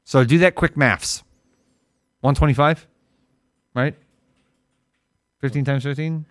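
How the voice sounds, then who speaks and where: A man's voice: mid-range voice, slow pace, no echo, studio quality. A man with an Ohio accent co-hosting a casual tech livestream, rambling and joking, his voice jumping up when he gets worked up. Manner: animated, rambling, jokey, voice jumps when excited. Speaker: co-host of tech stream.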